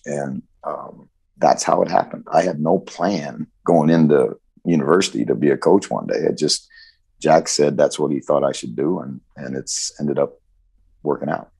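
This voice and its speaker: Older coach in his sixties, very low gravelly voice, tells long stories with restarts. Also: moderate pace. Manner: animated anecdotal storytelling with frequent restarts. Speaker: football coach. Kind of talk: storytelling interview answer.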